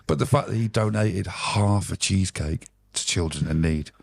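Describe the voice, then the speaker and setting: A man tells rambling stories as a podcast guest, swearing freely. His voice is very low and gravelly with a husky edge. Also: normal speed. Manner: swearing, rambling, animated anecdotes. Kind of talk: casual storytelling anecdote.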